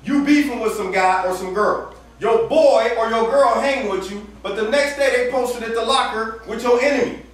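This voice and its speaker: High-voiced man preaching in an echoey hall. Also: normal speed, hardly any pauses. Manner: casual slang-filled preaching, acts out dialogue, laughs often. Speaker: campus minister preaching. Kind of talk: sermon. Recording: echoey room from far off.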